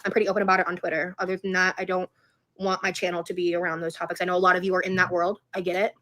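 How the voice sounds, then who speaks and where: A woman's voice: lowish voice, level tone, racing, bright, forceful tone. Rambling, frank woman livestreaming. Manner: rambling, frank, swears freely. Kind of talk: casual livestream chat.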